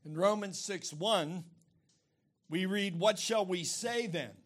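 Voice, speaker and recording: A man's voice: high voice, slow. A man preaching a sermon, explaining terms plainly and pressing his points with emphatic rhetorical questions.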